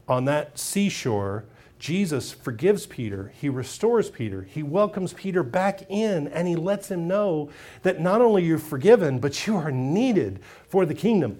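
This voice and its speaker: Pastor guy preaching, high voice, really lively storytelling. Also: unhurried. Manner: expressive storytelling, acts out quotes. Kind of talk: sermon.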